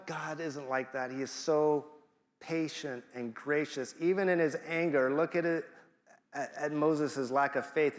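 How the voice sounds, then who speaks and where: A man's voice: fairly high pitch, fairly bright tone, big-room sound. A man preaching a sermon in a conversational, playful way, acting out the voices he quotes. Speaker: guest preacher. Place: church sanctuary.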